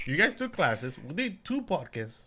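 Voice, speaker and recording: A man co-hosting a podcast in casual chat, teasing his friend and tossing in quick reactions and jokes. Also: on the high side, big pitch swings, heavy background noise. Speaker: podcast co-host.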